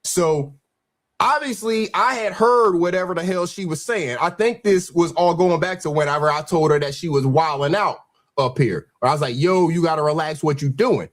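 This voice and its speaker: A man hosts a reaction show and calmly explains what he told a fellow creator. His voice sits a little high, and he speaks in a matter-of-fact, conversational way. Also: normal speed. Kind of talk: casual commentary.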